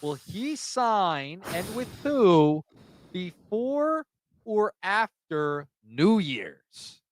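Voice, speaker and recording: Lively, high-voiced male podcast co-host. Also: extremely slow, no echo. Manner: quizzes his co-host with prediction questions. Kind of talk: casual sports chat.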